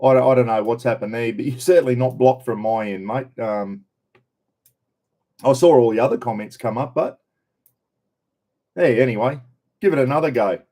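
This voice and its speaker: A man's voice: medium pitch, normal speed, pauses often, mellow. An Australian man hosting a casual live stream, greeting viewers by name in a chatty, laid-back way. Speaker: livestream host. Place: in a caravan on the road.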